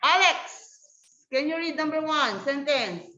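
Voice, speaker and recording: A woman's voice: high-pitched, expressive, measured pace, sharp tone. A woman teaching an online grammar lesson, patiently calling on students by name over a video call. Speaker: English teacher. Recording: echoey, dull lo-fi room sound.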